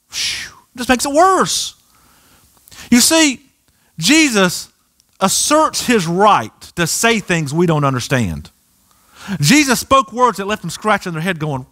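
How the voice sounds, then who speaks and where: A man preaching a sermon in a church, animated and acting out the voices of people in the story. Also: high voice, normal speed. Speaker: pastor. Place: church sanctuary.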